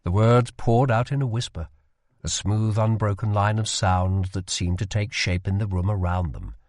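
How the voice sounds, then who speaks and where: A man narrating a fantasy audiobook in a measured, expressive storytelling manner. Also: lowish voice, no room sound, clean studio sound.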